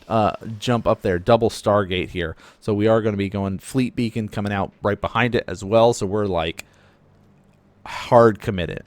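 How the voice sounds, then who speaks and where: A man giving casual play-by-play commentary on a real-time strategy match, explaining the strategy as he goes. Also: fairly low pitch. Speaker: game caster.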